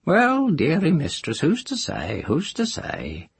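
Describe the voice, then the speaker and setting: A man voicing an old, earthy village witch woman who talks in a rustic country dialect with a drawn-out, sing-song lilt. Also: a little high, huge pitch swings, vocal fry, husky, dry recording, voice pushed up, exaggerated voice. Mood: folksy, musing. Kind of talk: audiobook character voice.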